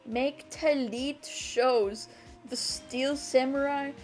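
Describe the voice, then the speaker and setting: A woman voicing an odd male TV director who talks in slow, broken, halting phrases. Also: sits high, fairly even intonation, darkish tone, soft background music. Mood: pompous.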